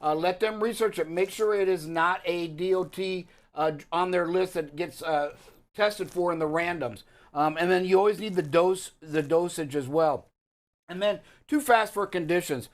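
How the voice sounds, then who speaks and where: A man's voice: high voice, normal speed. A man hosting a live talk show segment on trucking safety, talking loosely with lots of uh and um. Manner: loose, rambling, many fillers.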